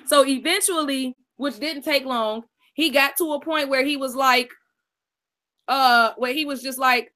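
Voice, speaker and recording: A woman's voice: high-pitched, unhurried, pushed and bright. A woman co-hosting a live stream, telling a story in a brash, profane, casual way.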